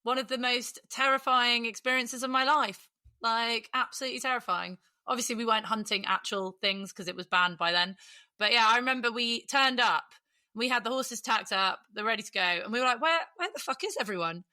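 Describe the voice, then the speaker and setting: A woman's voice: on the high side, fairly even intonation, fairly quick, pushed and bright, no room sound. A woman hosting a podcast, chatting casually and swearing now and then. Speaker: podcast host.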